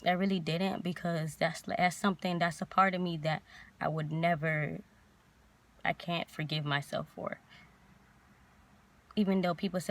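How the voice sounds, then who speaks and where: A young woman vlogger telling a painful personal story in a halting, emotional way, near tears. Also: low-pitched, steady tone.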